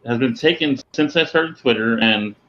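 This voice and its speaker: A man's voice: mid-range voice, moderate pace, sharp tone, highs cut off. A man chatting casually as a podcast guest, self-mocking and laughing while he talks. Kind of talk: casual chat.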